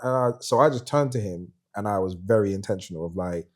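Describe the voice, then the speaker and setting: Talking fast in a low voice, this middle-aged man hosts a podcast and shares a story in a relaxed, chatty way. He's animated, slipping into different voices each time he quotes people.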